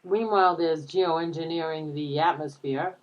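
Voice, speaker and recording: A female co-host chats casually in a fairly low voice, trailing off and restarting her thoughts. Her speech wanders as she builds on the host's points. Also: fairly even intonation, muffled recording. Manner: rambling, halting chatter. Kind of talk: casual chat.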